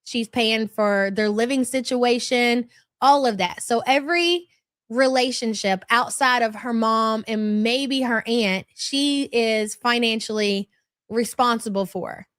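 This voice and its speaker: A middle-aged woman talks casually to her live-stream viewers, gossiping and reading their comments aloud. Her voice sits slightly high. The sound is dry and close, recorded on a mic at a home setup. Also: measured pace, fairly bright tone, no room sound.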